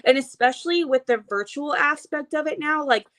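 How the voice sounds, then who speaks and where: A young woman talks over a video call from home, still out of breath. She chats fast and eagerly, in a voice sitting a little high. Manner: fast, excited and chatty. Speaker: host of a live sales event. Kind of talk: casual live video chat.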